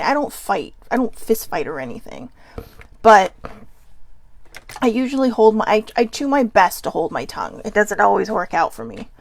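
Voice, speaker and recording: A woman's voice: mid-range voice, vocal fry, dry recording. A woman hosting a casual chat show, reading gratitude cards and rambling into giggly side notes. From Filipino and Hawaiian heritage. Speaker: host.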